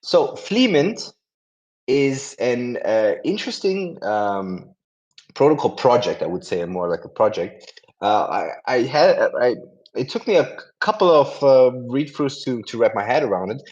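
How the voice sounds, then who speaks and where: A man's voice: medium pitch, big pitch swings, measured pace, a little mellow. Chatty man hosting on dull lo-fi audio. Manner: chatty, rambling, self-correcting, laughs often. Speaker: host of a community audio event. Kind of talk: casual chat and introduction.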